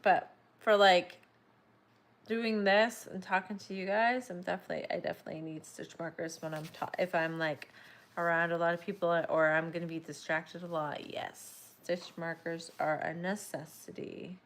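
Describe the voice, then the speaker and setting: Woman streamer, lower voice, rambling and drowsy, casual crafting chat. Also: little pitch movement, normal speed. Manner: chatty, rambling, apologetic. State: yawning, sleepy. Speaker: crochet livestream host. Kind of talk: casual livestream chat while crocheting.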